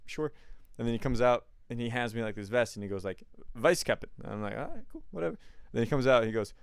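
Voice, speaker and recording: A man's voice: medium pitch, smooth, dry recording. A young man telling a story in a casual podcast chat, laughing often and acting out quotes. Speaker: podcast co-host.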